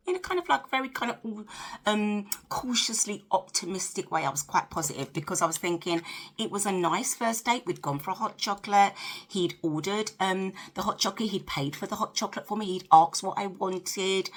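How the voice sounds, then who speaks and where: A woman's voice: on the low side, a bit bright. Chatty woman in her fifties. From United Kingdom. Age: 50s. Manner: frank and chatty, with tag questions like "yeah?". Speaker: lifestyle vlogger. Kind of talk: chatty advice monologue to camera.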